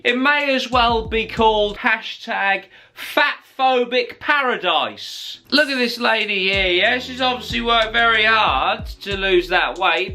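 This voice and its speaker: A man's voice: high voice, sharp tone. A man hosting a commentary vlog, ranting in a mock-outraged, sarcastic tone and swearing a lot. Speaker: YouTube commentator.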